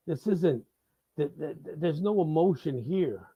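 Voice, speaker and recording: A man's voice: on the high side, animated, measured pace, mellow, husky, no echo, lo-fi sound. A man hosting a live show, delivering a profane, heated and sarcastic political rant. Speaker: host of a live talk show. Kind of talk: ranting political monologue.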